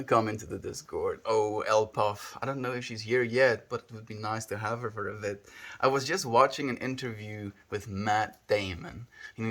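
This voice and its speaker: A man's voice: fairly low pitch, a bit bright. A man with a South African accent chatting on a livestream, musing and rambling as he thinks aloud, with hums between thoughts. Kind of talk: casual livestream chat.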